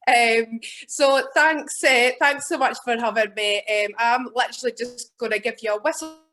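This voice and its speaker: A woman's voice: a little high, normal speed, fairly bright tone, soft background music. A woman with a Scottish accent giving an upbeat sales presentation for a cruise line over a video call, with frequent "um" fillers. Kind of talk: virtual event sales presentation.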